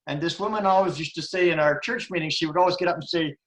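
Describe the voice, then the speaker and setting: A man's voice: a little high, fast talker, fairly bright tone, poor audio. A man in his seventies sharing an earnest, rambling reflection in a group discussion, full of restarts. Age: 70s. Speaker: forum participant.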